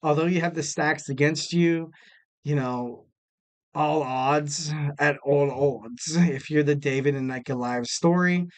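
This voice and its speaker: Here the wrestling podcast host's voice sits fairly high and his pace is unhurried. Alone at the mic, he chats in a loose, rambling way, full of fillers and self-mocking humor.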